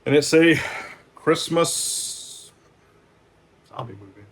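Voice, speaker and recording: A slightly high-voiced man speaks at a slow pace as a store owner going casually through a pile of movies. He's loose and profane, leans on many fillers, and gets suddenly louder whenever he hits a title.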